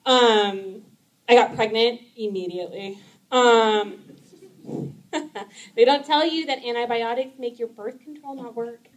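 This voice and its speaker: High-voiced woman doing stand-up. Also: takes it slowly, pauses often. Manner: chatty, laughs at her own jokes, many "um"s. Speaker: stand-up comedian. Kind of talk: stand-up comedy set. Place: live event in front of an audience.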